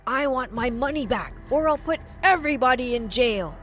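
A woman reading the lines of an angry pawn shop owner who loudly accuses and makes demands, in a story narration. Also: high-pitched, expressive, moderate pace, soft background music. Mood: threatening.

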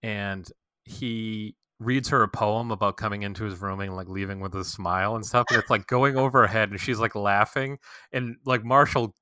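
A man with a somewhat low but bright, pressing voice, talking in a dry room without reverb. He recaps a show in casual chat, retelling scenes quickly and acting out the characters' lines with laughs. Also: clear, resonant tone. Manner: fast, animated retelling with quoted lines and laughs. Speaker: podcast co-host recapping a show.

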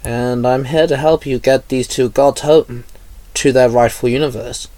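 A solemn knight speaks in formal, measured sentences, as a man reads his part. His voice sits in a middle pitch. The sound is dry. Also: fairly even intonation, mellow, no echo, natural voice. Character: solemn male knight, the Silver Morphing Master.

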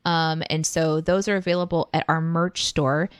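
A woman's voice: low-pitched, little pitch movement, normal speed, clear, resonant tone, no room sound, clean studio sound. A woman co-hosting a podcast, talking in a chatty, joking way. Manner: chatty, joking, laughs easily. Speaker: podcast co-host. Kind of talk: casual chat.

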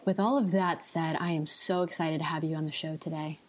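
A woman's voice: low voice, steady tone, a little fast, crowd noise. A woman hosting a podcast, talking in a gushing, enthusiastic way with her guest. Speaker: podcast host. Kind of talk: casual conversational interview.

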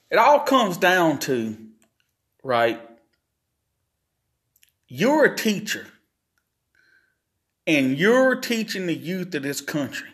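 A man talks alone into his podcast mic. He speaks slowly and deliberately, his words a little slurred. His delivery is earnest and plainspoken. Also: fairly high pitch, a bit bright. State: slurred speech from facial palsy. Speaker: podcast host. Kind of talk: solo podcast monologue.

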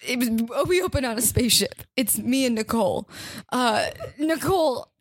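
A woman improvising a comedy scene, narrating and playing along in a deadpan, self-pitying way. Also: a little high, fast talker, no echo. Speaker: guest improviser.

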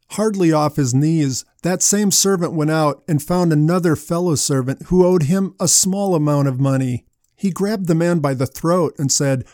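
Mellow, conversational male preacher. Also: a little high, moderate pace, no room sound, studio quality. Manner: conversational, asks the listeners questions. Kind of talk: sermon.

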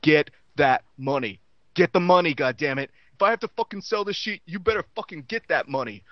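A man's voice: a little high, a little fast, no echo, lightly acted. A man voicing a furious, foul-mouthed middle-aged fight promoter who berates his fighters, on dull lo-fi audio. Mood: angry ranting. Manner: yelling, profane, berating.

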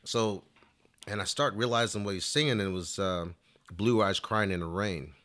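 At a moderate pace, a man whose voice is lowish and a bit bright rambles through a long story. He plays the flute and speaks in casual interview style, filling gaps with plenty of "you know."

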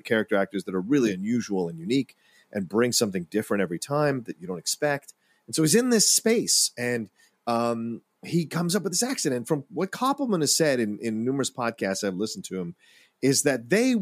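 A man co-hosting a casual movie-review podcast who tells anecdotes in a rambling, animated way. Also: mid-range voice, no echo. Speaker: podcast co-host.

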